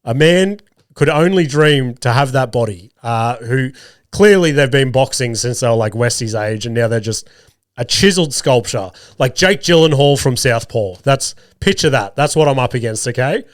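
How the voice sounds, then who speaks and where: A man's voice: mid-range voice, lively intonation, normal speed, no room sound, clean studio sound. A man in his thirties with an Australian accent, hosting a podcast while sick, telling stories in a sweary, self-deprecating way. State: sick, voice rough. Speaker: podcast host. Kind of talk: casual storytelling monologue.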